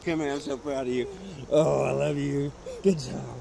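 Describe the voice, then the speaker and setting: A man's voice: mid-range voice, steady tone, normal speed, vocal fry, crowd noise. A man filming on a handheld phone in a tree stand in the woods, talking to his daughter in an effusive, encouraging way. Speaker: father taking his daughter hunting.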